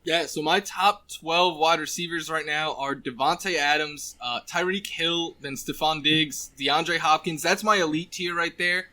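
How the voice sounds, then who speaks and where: A man's voice: a little high, a little slow, few pauses, bright, forceful tone. A man appearing as a guest analyst on a fantasy football show, friendly and eager. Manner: friendly, eager, listing names steadily. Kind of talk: casual sports chat.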